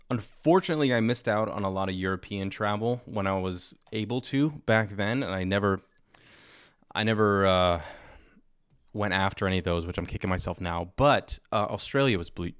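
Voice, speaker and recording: A man's voice: fairly low pitch, normal speed, smooth, no echo, studio quality. A man in his thirties, a podcast guest chatting casually in a laid-back, rambling way. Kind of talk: casual chat.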